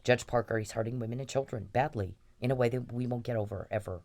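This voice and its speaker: A woman delivering an angry, profane monologue in a forceful, ranting manner. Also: extremely low pitch, fast talker. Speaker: complainant.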